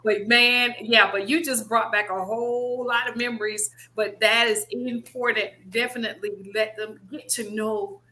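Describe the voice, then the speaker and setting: A woman hosting a live conversation, telling stories with lively acted quotes. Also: on the high side, normal speed, few pauses, rough recording. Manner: animated storytelling with acted quotes. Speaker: host.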